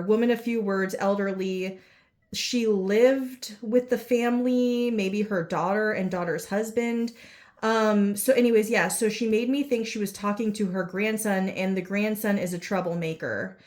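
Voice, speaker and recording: A woman giving a casual psychic reading, rambling and unsure, full of fillers and self-corrections. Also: medium pitch. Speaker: psychic reader. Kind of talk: casual spoken channelling reading.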